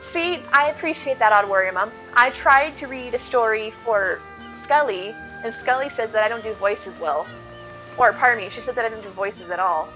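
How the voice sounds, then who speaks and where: Brief: chatty woman game streamer, bright, a bit high, casual and lively. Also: normal speed, faint music behind, low-quality recording. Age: adult. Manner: chatty, reads chat aloud, lively. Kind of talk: casual chat while gaming.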